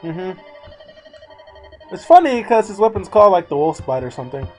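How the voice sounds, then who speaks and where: A man's voice: sits high, sing-song, normal speed, a little mellow, soft background music, poor audio. A man hosting a let's play, giving casual, sarcastic gameplay commentary and swearing freely.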